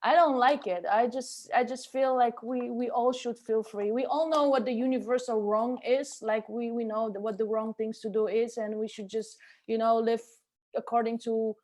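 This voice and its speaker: Earnest, halting woman guest. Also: a little high, steady tone, darkish tone. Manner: earnest, halting, repeats words. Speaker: podcast co-host, guest. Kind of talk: casual conversation.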